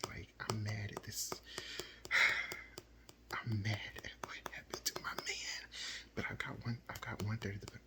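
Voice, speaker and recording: Low-voiced male book reviewer, breathy late-night whisper, exasperated and repetitive. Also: rough recording. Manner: whispering, repeating himself in exasperation.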